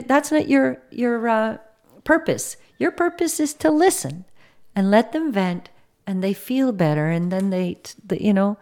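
Earnest woman, gentle preaching. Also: medium pitch. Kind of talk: faith reflection talk.

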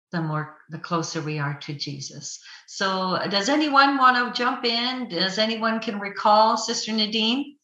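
A woman hosting a faith radio talk show, gently welcoming her guests. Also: fairly low pitch, reverberant, low-quality recording. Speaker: radio host.

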